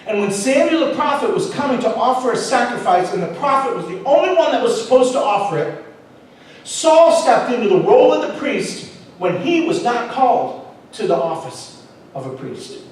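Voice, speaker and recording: A man preaching to his congregation, his fairly high voice rising into loud emphasis and dropping into soft asides. He stands off the mic, so the sound is distant and washed in heavy church-hall echo. A faint hum of room noise sits underneath. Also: normal speed. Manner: storytelling, animated, shifts between loud emphasis and soft asides. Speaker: pastor. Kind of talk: sermon. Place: church auditorium.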